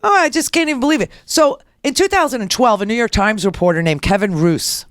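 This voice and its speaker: A woman's voice: on the high side, expressive, fast talker, no room sound, studio quality. A middle-aged woman hosting a political talk radio show, ranting in a blunt, sarcastic and crude way.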